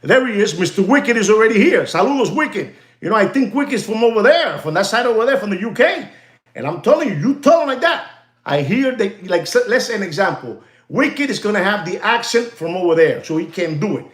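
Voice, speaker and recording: A man hosting a watch channel, ranting to his viewers in an animated, repetitive way and slipping into Spanish phrases. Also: sits high, fairly quick, reverberant. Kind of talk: livestream rant to viewers.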